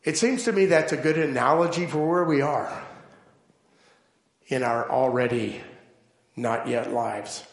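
A man preaching a sermon, telling stories slowly and deliberately and building to emphatic points. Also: mid-range voice, creaky, reverberant. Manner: slow, deliberate storytelling with emphatic build-ups.

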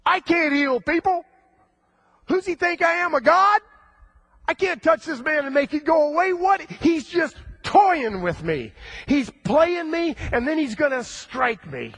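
A man's voice: very high-pitched, expressive, a little slow, vocal fry, a bit bright, voice pushed up, exaggerated voice. A man voicing a panicked ancient king in a frantic, wailing way while retelling a story in a sermon.

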